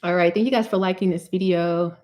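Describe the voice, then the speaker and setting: A woman's voice: lowish voice, steady tone, fairly quick. A young woman from Newark, a cosmetic chemist hosting a live hair-care Q&A and chatting, laughing and joking with viewers as she answers comments. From Newark, New Jersey. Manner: warm, chatty, laughs often and jokes with viewers. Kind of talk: casual livestream chat, reading comments.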